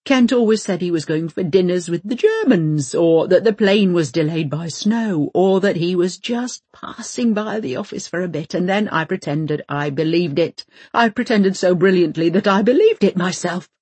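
A woman's voice: medium pitch, lively intonation, normal speed, darkish tone, husky, no room sound, voice pushed up. A woman reading an audiobook voices a prim, fussy older wife who speaks in precise, insistent, formal phrases. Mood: brittle.

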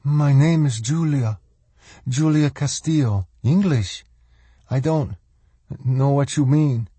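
A man's voice: mid-range voice, slow pace, dark tone, slightly rough, no echo, pitched above the performer's own voice. A man reading a novel aloud, voicing a dazed, tearful Cuban woman in a raised voice. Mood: puzzled.

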